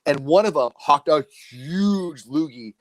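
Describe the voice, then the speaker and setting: Man in his forties, live-stream co-host, lively swooping delivery. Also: measured pace, dry recording. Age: 40s. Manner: animated storytelling, lively pitch. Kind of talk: casual live-stream chat.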